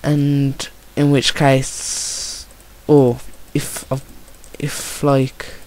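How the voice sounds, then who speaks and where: A young man with a Birmingham accent, giving chatty, excitable and jokey commentary on his own gameplay. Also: medium pitch, drawn-out words. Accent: Birmingham English. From Birmingham, England.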